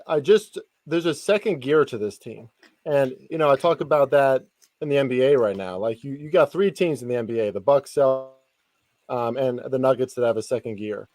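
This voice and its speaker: A man's voice: mid-range voice, darkish tone, no room sound. A man chatting as a guest sports analyst, often restarting and filling his sentences with ums. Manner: halting, many restarts and fillers. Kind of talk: casual podcast chat.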